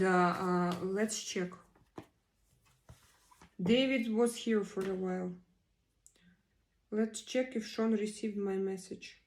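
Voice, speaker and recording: A woman chats casually on her live stream and answers viewers one by one. She speaks at a slow, easy pace in a middle-pitched voice. She often stops mid-sentence to hunt for an English word. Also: darkish tone. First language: Russian. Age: 40s. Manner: halting, searching for words with many pauses. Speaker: livestream host. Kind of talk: casual live chat reading viewer comments.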